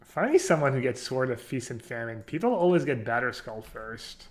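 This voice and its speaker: A man streaming a card game, chatting casually and thinking out loud while poking fun at himself. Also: mid-range voice, lively intonation, fairly quick. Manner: chatty, self-mocking, thinks aloud. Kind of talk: casual live-stream commentary.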